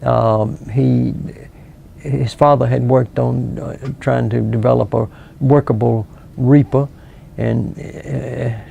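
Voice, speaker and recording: Gravelly older man, halting. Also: mid-range voice, dark tone, slight background noise. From South Carolina. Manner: slow, halting, many pauses and restarts. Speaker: local author and historian. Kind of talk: relaxed interview answers.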